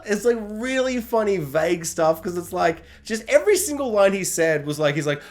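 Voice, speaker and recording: Excitable man with a higher voice. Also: moderate pace, hardly any pauses. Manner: excitable, jokey, acts out reactions. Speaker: film reviewer. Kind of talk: casual spoiler review to camera.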